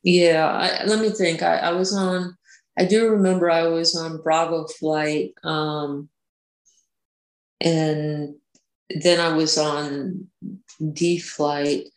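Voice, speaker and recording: A woman's voice: low voice, flat delivery, takes it slowly. A woman guest recounting personal experiences, hesitant, with many restarts and fillers. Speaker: interview guest. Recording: roomy echo.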